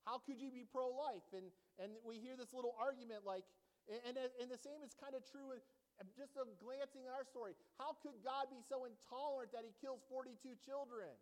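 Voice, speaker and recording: High-voiced man preaching in a reverberant hall. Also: fairly quick. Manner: animated preaching, acts out mocking voices, jokes with congregation. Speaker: pastor. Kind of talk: sermon. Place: church sanctuary.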